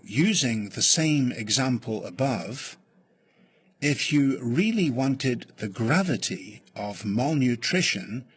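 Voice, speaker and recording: A man reading a lesson script aloud slowly and deliberately, with long pauses, as a reading teacher. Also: mid-range voice, a bit bright, slightly rough. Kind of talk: slow scripted read-aloud.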